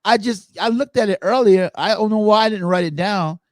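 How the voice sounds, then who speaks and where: A man hosting a podcast, telling stories in a lively way and acting out the quotes. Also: high voice, a little fast, no echo, studio quality. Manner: animated storytelling, acts out quotes. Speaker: podcast host. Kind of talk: casual chat.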